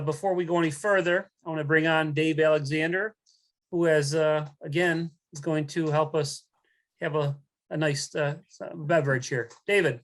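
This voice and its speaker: A man hosting a ceremony over a video call, relaxed, with fillers. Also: on the high side. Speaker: ceremony host.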